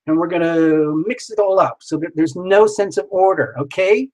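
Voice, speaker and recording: A man's voice: sits high, normal speed, darkish tone, poor audio. A man hosting a live tarot stream, who talks playfully and jokes around with sing-song asides. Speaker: tarot reader hosting a livestream.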